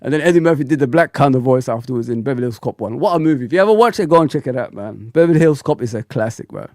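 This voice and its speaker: Animated man ranting on stream. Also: medium pitch, very fast, no room sound, studio quality. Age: 40s. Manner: animated, blunt, ranting, slangy. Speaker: football fan channel host. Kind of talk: casual livestream rant.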